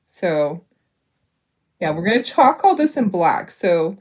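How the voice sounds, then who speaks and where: A woman's voice: lowish voice, sing-song, slow pace, a little mellow. A middle-aged woman hosting a craft video, chatting casually and rambling as she paints, laughing often and talking to her viewers. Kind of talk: casual chat while painting.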